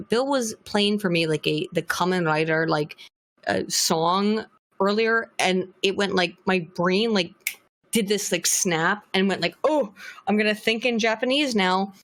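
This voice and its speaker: A woman in a relaxed podcast conversation, rambling through her stories with blunt, salty language. Her voice sits at an ordinary middle pitch, casual and unfiltered. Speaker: podcast guest.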